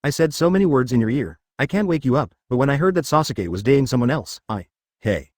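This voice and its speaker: A man's voice: mid-range voice, animated, fast, a little mellow, dry recording, studio quality, close to an everyday voice. A man narrating a brash, whiny boy ninja in a fan fiction story. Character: loud boastful boy ninja.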